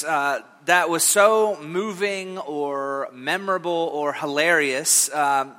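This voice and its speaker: Man, pastor, sermon, conversational storytelling, bright high voice, long hall reverb. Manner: conversational storytelling with frequent fillers and restarts. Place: church sanctuary.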